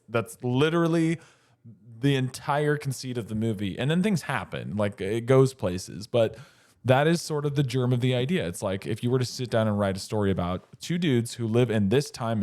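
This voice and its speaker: A man's voice: mid-range voice, lively intonation, moderate pace, a little mellow. A man in his thirties co-hosting a casual podcast, talking enthusiastically and rambling, with many fillers and restarts. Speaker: podcast co-host. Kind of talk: casual chat.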